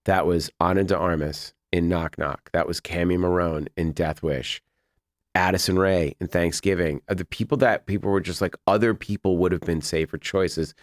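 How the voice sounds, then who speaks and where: Low-voiced man telling film stories. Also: steady tone, moderate pace, no room sound, clean studio sound. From Boston, USA. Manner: rambling storyteller who acts out quoted people. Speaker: guest, film director. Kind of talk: casual podcast interview.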